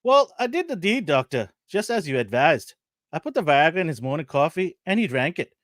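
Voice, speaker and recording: A man's voice: sing-song, a little fast, a bit bright, no echo. Old Irish woman, scandalized storyteller, bad brogue on purpose, a man puts her on. Dry, close sound. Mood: flustered. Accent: put-on Irish. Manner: exaggerated storytelling brogue, higher pitched.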